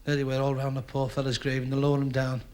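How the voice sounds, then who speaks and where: A man's voice: medium pitch, completely flat delivery, fast talker, a little mellow. A man telling stand-up jokes on a club stage in a chatty way, laughing at his own punchlines and acting out the characters. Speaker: stand-up comedian. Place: television comedy club stage.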